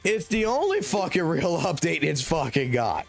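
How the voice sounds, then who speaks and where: Male game streamer, fairly high voice, cussing rant, faint music underneath. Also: sing-song, normal speed, gravelly. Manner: blunt, heavy swearing, slangy. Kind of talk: casual ranting commentary.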